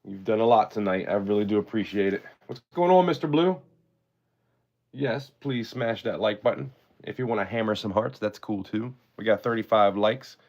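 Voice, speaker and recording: A man's voice: fairly low pitch, normal speed, darkish tone, dull audio. A man hosting a live-stream auction, chatting in a laid-back way and thanking his viewers often.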